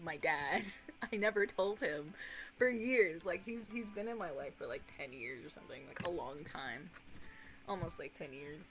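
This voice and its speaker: A young woman in her twenties streaming casual chat, rambling and animated, swearing casually and breaking into excited impressions of others. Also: on the low side, poor audio.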